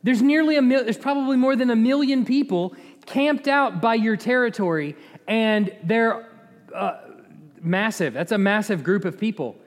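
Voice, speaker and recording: Bright-voiced man teaching Scripture. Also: high-pitched, moderate pace. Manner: conversational, quizzes the audience, chuckles. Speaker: Bible teacher. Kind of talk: informal Bible teaching. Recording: echoey hall reverb.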